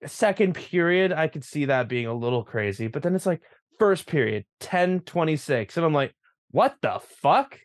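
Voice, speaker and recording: A man co-hosting a sports podcast, telling a story in an animated way, swearing and laughing as he goes. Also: a little high, moderate pace, no echo, studio quality. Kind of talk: casual sports chat.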